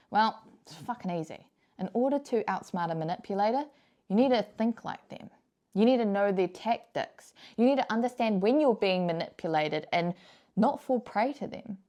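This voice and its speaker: A woman's voice: medium pitch, darkish tone. A young woman giving frank, casual advice to camera, blunt and emphatic, swearing freely and repeating her key points. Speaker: vlogger.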